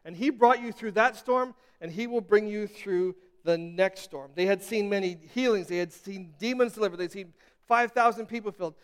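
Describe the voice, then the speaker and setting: A man's voice: high voice, moderate pace, clean tone, big-room sound. A man preaching a sermon as pastor, repeating himself with restarts and building to emphatic peaks. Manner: repetitive, stammering restarts, building to emphatic crescendos.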